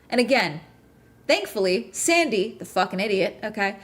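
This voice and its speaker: A woman hosting a casual podcast, recapping a crime documentary in an animated, profane way with frequent "okay?" check-ins. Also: medium pitch, moderate pace. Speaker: podcast host.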